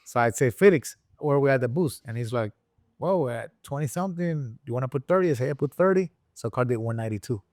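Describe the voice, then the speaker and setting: A man from Rico, a guest and engine builder telling a story in a casual interview, acting out the people he quotes with sudden high voices. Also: fast talker, no echo, studio quality. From Puerto Rico. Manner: animated storyteller who acts out quoted people with jumps in pitch.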